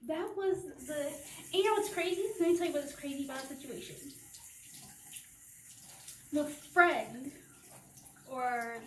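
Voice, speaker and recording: A woman vlogger telling a rambling, casual storytime rant, full of "like" and "you know". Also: high voice. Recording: echoey room, from a distance, faint noise.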